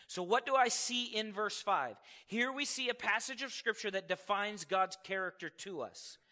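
A man preaching a sermon as pastor, animated and acting out little voices to make his points. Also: high-pitched, normal speed, long reverb tail. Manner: animated preaching, acts out voices of God and people.

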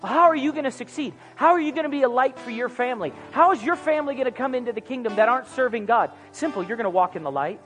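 A man preaching a sermon in a church, animated and acting out little comic dialogues. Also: extremely high pitch, fast, few pauses. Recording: music under voice, long hall reverb.

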